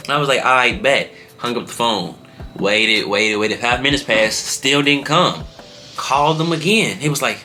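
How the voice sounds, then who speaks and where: A young man vlogger telling a story in casual slang. His voice jumps up in pitch when he acts out what people said. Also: normal speed, soft background music. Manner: animated, slangy, jumps high in pitch when acting out quotes.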